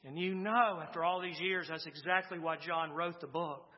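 A man's voice: a little high, normal speed. A male pastor preaching a sermon with impassioned, emphatic declarations, then leading a prayer. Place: church sanctuary. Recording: long reverb, dull lo-fi sound.

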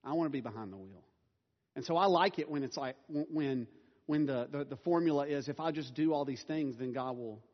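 A man's voice: a little high, a little fast. A middle-aged man preaching a sermon as a pastor, casual and self-deprecating, laughing now and then. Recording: dull sound with long hall reverb.

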